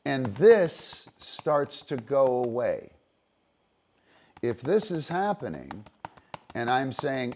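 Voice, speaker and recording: A male dog-sport trainer hosts a relaxed livestream lesson. His voice sits in an ordinary middle range, and he talks at an unhurried, drawn-out pace. His delivery is loose and profane, with plenty of fillers and tag questions. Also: medium pitch, slight background noise. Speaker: disc dog trainer and show host.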